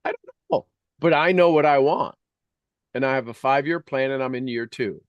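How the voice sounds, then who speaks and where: This is a middle-aged man leading a spoken meditation, and he wanders from one story to the next with eager, heartfelt enthusiasm. His voice sits at an ordinary middle pitch. The sound is dry and close, with no room echo. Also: moderate pace, lo-fi sound. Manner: earnest, enthusiastic, rambling storytelling. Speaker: meditation host.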